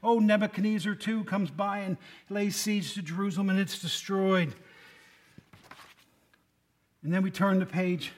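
A man's voice: high voice, steady tone, moderate pace. A man preaching a conversational sermon, folksy and quizzing his listeners by name. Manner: folksy, asks the congregation questions by name.

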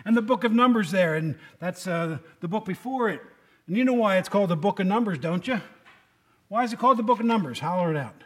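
A man's voice: sits high, lively intonation, quick pace, fairly bright tone. A man giving a casual, joking sermon to a congregation, often asking them questions. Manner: chatty, joking, asks the room questions. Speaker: lay preacher.

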